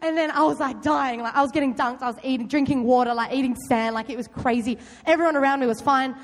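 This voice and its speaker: Chatty aussie girl, high voice, echoing big hall, keeps asking the crowd stuff. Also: quick pace. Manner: loud, chatty, quizzes the audience. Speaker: youth group speaker. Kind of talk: youth talk with stories. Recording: long hall reverb.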